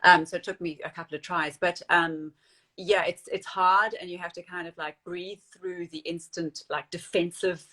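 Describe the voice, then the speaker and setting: A woman guest in a casual interview, talking about writing and acting in a rambling, animated way with many restarts. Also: lowish voice, normal speed. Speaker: actor and screenwriter, interview guest.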